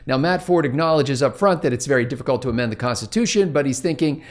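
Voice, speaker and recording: Wry rambling man, mid pitch. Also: lively intonation, quick pace. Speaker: co-host. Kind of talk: casual planning meeting chat.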